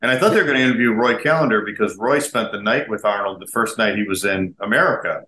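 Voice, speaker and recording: A man hosting a podcast, telling stories in a casual, animated way and laughing often. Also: lowish voice, quick pace, a little hiss or hum. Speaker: podcast host. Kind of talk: casual interview chat. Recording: echoey room with faint ambience.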